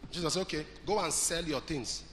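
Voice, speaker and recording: A man with a Nigerian accent preaching a sermon, moving between loud, shouted lines and quiet storytelling and often asking his listeners questions. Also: a little high, brisk. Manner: swings from shouting to soft storytelling, asks the crowd questions. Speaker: pastor. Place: church hall. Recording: large hall with reverb and music behind.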